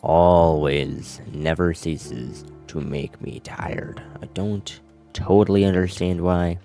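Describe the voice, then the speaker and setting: A man's voice: low voice, steady tone, slow pace, warm tone, soft background music. A man streaming, rambling and mocking himself in casual chat before reading scripture aloud. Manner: rambling, self-mocking, trails off into murmurs.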